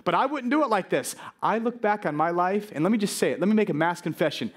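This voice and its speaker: High-voiced animated preacher man. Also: fast. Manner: animated, acts out quoted worries, stammering restarts. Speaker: pastor. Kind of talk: sermon.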